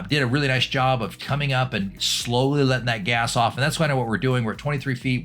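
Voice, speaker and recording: A man's voice: mid-range voice, a bit bright. Chatty man reviewing a dive computer. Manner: casual, chatty, with many fillers and restarts. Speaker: scuba instructor.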